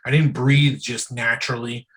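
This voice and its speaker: A man with a slightly husky, mid-pitched voice speaks as an interview guest. His talk is loose and candid, full of casual asides like bro and dude. It sounds like an easygoing one-on-one chat. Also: flat delivery, moderate pace, low-quality recording. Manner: loose and frank, often says "bro" and "dude".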